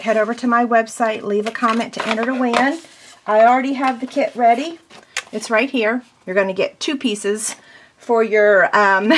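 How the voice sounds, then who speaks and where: A woman's voice: on the high side, a little hiss or hum. A woman giving a casual step-by-step paper crafting tutorial, chatty and self-deprecating as she works.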